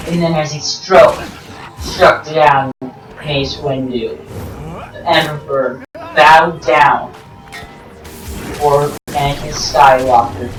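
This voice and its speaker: A woman giving rambling, jokey game commentary, full of excitable outbursts and self-corrections. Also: sits low, slow pace, long pauses. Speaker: gameplay commentator. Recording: roomy, distant mic with game music.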